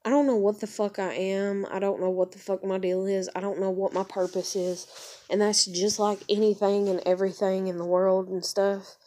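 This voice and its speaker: A woman's voice: mid-range voice, little pitch movement, moderate pace, dark tone. A young woman, rambling emotionally and swearing as she searches for words in a personal confession. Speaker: vlogger.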